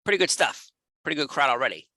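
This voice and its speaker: A man hosting a casual comedic wrestling reaction show, animated and jokey, laughing often as he talks close to the mic. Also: a little high, fast talker, no echo, poor audio.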